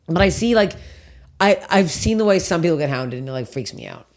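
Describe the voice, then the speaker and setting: Profane, animated woman podcast host. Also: fairly low pitch, brisk. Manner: profane, animated storytelling with quoted outbursts. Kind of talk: casual chat.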